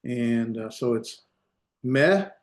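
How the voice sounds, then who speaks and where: A man's voice: mid-range voice, normal speed, darkish tone, roomy sound. A man teaching an online class, explaining step by step with patient repetition and many fillers, heard over a video call. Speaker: Hebrew instructor.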